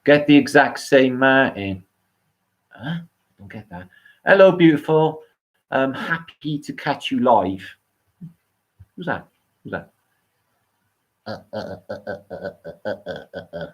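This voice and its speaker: A man's voice: measured pace, pauses often. A middle-aged man with a British accent hosting a live stream, rambling and swearing casually as he reads out viewer comments. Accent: British English. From England. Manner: rambling, profane, animated swings in pitch. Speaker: livestream host.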